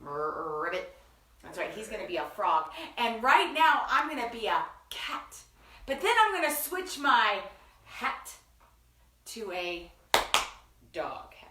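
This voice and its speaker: A woman's voice: fairly high pitch, big pitch swings, unhurried, bright, forceful tone, roomy sound, far from the mic, slight background noise. A woman hosting a children's story time, talking to kids in a sing-song, enthusiastic teacher way. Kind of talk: children's read-aloud lesson.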